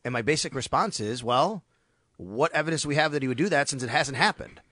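A man hosts a sports talk show with a bright, forceful voice. He tells stories in a lively way and acts out the lines he quotes. The sound is dry and close. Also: medium pitch, fast, no echo. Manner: animated storytelling, acts out quotes. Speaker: sports radio host.

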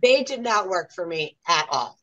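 Young woman, interviewee, low register, aggrieved and earnest. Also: lively intonation, normal speed, pushed and bright, low-quality recording. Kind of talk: casual interview.

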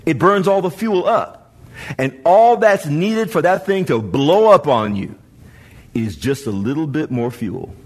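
Male pastor, high and lively voice, preaching in church, swings from hushed to shouting. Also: measured pace, soft background music. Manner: preaching with rising shouts and call-and-response. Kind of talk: sermon. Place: church before a congregation.

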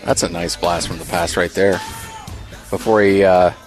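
A man's voice: sits low, fairly even intonation, moderate pace, soft background music. Joking sports radio host, man. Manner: joking, opinionated. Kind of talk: casual sports radio banter.

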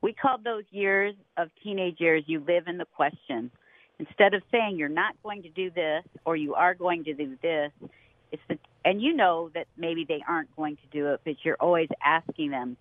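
This middle-aged radio co-host has a low voice and a moderate pace, and she animatedly recounts a story, frequently laughing and mimicking whoever she quotes. The audio is thin and telephone-like, very close and dry, with no echo.

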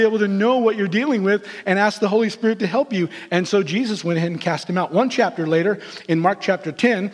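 A man's voice: high-pitched, fast talker, hardly any pauses, big-room sound. A man preaching a sermon in a church sanctuary, telling stories animatedly and acting out the people he quotes. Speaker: pastor.

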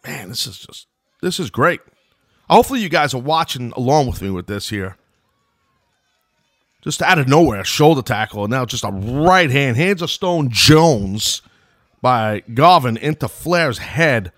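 A man's voice: mid-range voice, animated, unhurried, fairly bright tone, no echo, studio quality. A middle-aged man with a New York accent, hosting a podcast and giving casual, rambling play-by-play of an old wrestling match, drifting into asides. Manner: loose and chatty, wanders into asides.

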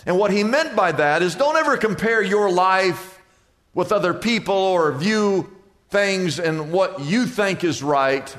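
An older male pastor preaches with a high, ringing voice. He drives his points home with emphatic repetition and rhetorical questions. The sound carries a long hall reverb. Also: animated, unhurried, a bit bright. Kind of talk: sermon.

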